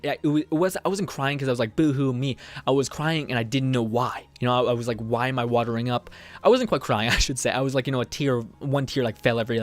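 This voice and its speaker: A young man talking in a personal vlog, rambling and halting, with many restarts and fillers. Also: medium pitch. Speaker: vlogger.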